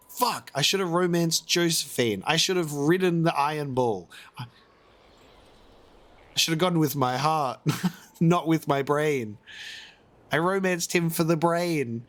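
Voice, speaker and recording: A man's voice: fairly high pitch, takes it slowly, long pauses, fairly bright tone. A man reacting to a video game as a let's-play host, exasperated and rambling, often swearing.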